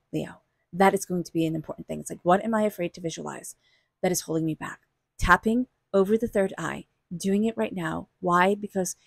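A woman reads tarot in a loose, chatty way, reassuring and quick to laugh as she talks straight to the listener. Her voice sits in a middle pitch. It sounds close and dry, with no room around it. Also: vocal fry, a little mellow, no room sound. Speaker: tarot reader. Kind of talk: casual spoken tarot reading.

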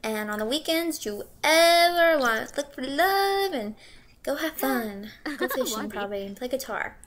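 A woman's voice: high-pitched, animated, moderate pace, a crowd in the background. A young woman casually commenting on her gameplay, playful and giggly, humming and singing little tunes to herself.

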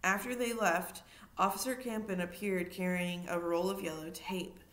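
A woman reading a children's novel aloud in steady narration, now and then adding a short aside to her listeners. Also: on the low side, moderate pace. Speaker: reader.

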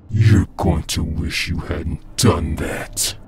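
A man doing a slow, deep-voiced monster. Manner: slow, cold and threatening. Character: calm menacing male monster predator.

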